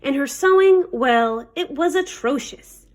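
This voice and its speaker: A woman's voice: high-pitched, expressive, unhurried. A woman librarian reading a children's picture book aloud, with playful pirate talk. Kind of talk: storybook read-aloud.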